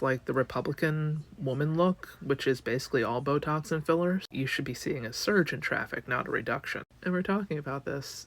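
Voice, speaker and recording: A woman from Canada rambling sarcastically through a casual vlog monologue, full of fillers. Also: deep voice. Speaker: vlogger.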